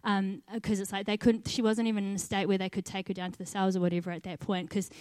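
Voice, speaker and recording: A young woman tells a personal story of faith and volunteering, earnest and now and then laughing at herself. Her voice sits at an ordinary middle pitch. The sound is close and dry, with no room around it. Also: level tone, quick pace, a little mellow, clean tone, no echo. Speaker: volunteer team leader. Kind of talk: personal testimony.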